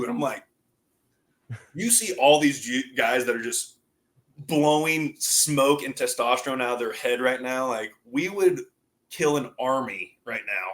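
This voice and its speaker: A man in his thirties, a former college football player, telling loose, profane, animated stories in a casual interview and laughing along. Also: mid-range voice, normal speed.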